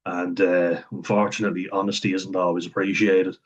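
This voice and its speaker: A man talking casually to camera, thinking aloud with frequent chuckles and pauses. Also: low-pitched, flat delivery, dull audio. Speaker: vlogger talking about autism. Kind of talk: casual unscripted monologue.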